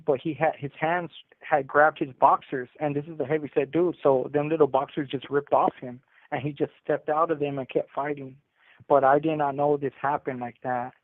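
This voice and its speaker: An incarcerated man calls in over a tinny prison phone line to tell a story casually, using street slang and often restarting his sentences. His voice is medium-pitched, with no room sound.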